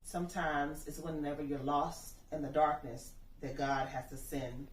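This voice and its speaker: A woman's voice: sits low, level tone, measured pace. Earnest grieving mother, distant roomy sound. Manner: earnest, emphatic, building to passionate appeals. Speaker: bereaved mother interviewee. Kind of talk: personal testimony.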